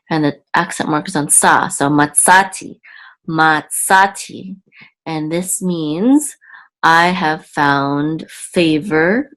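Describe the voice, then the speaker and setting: A woman teaching Biblical Hebrew word by word, patient, repeating each word and checking in with "okay?". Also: lowish voice. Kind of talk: word-by-word Hebrew reading lesson.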